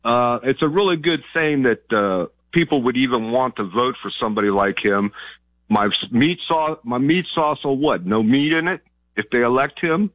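A man's voice: medium pitch, expressive, normal speed, no room sound. Male caller with a Virginia accent. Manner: chatty and good-humored, indignant. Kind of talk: phoning in to talk radio. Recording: dull phone-line sound.

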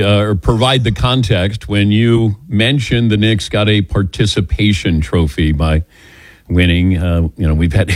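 A man's voice: lowish voice, dry recording. A man hosting a sports radio show, talking in an easygoing, teasing and chatty way. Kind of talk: casual radio talk.

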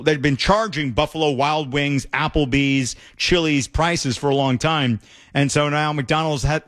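An opinionated male talk radio host with a notably high voice. He argues emphatically and piles up quick asides. He speaks to listeners in a direct commentary style. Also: fairly bright tone.

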